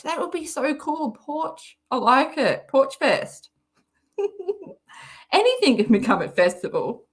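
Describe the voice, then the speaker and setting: 느긋하게 말하는 호주 억양의 여성. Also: female voice, fairly high pitch, fairly bright tone. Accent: Australian. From Australia. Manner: chatty, giggly, rambling asides. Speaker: livestream host reading chat. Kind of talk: casual livestream chat.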